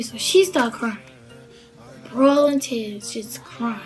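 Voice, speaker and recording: A woman's voice: high-pitched, animated, slow, music in the background. A young woman from the Baltimore area casually telling a story, chatty and rambling with lots of fillers. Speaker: vlogger.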